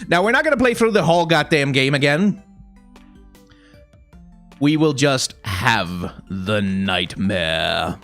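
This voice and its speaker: A man's voice: mid-range voice, expressive, takes it slowly, long pauses, a bit bright, soft background music. A man with a stuffy nose giving wry, casual commentary while playing a game. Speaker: let's play gamer.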